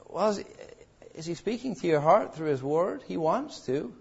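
A man's voice: high voice, very animated, unhurried, breathy edge, muffled recording. A man preaching a sermon as pastor, earnest and pleading, asking his listeners direct questions.

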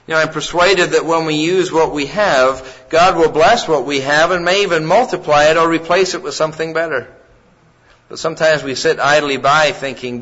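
A middle-aged man preaches a sermon in a loose, conversational manner, often circling back and restarting his phrases. His voice sits a little high for a man. The recording is dull and lo-fi. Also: moderate pace, fairly bright tone.

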